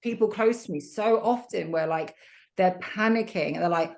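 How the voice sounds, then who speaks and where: A woman's voice: fairly low pitch, moderate pace, creaky, a little mellow. A young woman guesting on a podcast, chatting casually and acting out her own asides with self-mocking humour. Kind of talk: casual interview chat.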